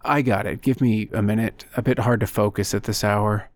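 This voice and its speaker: A man voicing a hoarse, sleepy man woken in the night, impatient, in an audiobook. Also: on the low side, steady tone, normal speed, no room sound, natural voice. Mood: tired.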